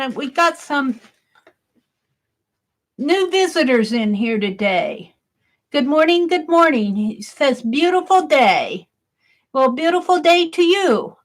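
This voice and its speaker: A woman's voice: high voice, a bit bright. A woman hosting a casual crafting live stream, exclaiming over mail and greeting viewers in chat.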